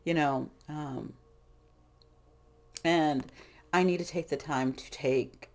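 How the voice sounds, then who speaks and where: Woman, middle-aged, low voice, gravelly texture, rambling frank tarot talk. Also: takes it slowly. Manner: rambling, frank, self-interrupting. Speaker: tarot reader. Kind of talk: casual spiritual talk.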